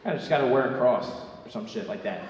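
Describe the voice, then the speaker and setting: A brash young man performing stand-up in a theatre, cursing freely and checking in with the room as he goes. His voice sits at an ordinary pitch and comes from well off the microphone. It carries a long, echoing hall reverb over a faint hiss. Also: fast talker, a little mellow, highs cut off. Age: young adult. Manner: brash, profane, tosses in asides like "right?". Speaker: stand-up comedian. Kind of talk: stand-up comedy set. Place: theatre stage before a live audience. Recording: echoey theatre hall from far off.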